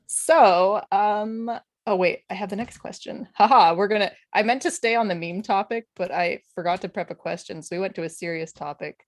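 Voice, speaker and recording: A woman's voice: medium pitch, moderate pace, dry recording, clean studio sound. A woman moderating a casual stream panel, chatty and rambling with plenty of laughter.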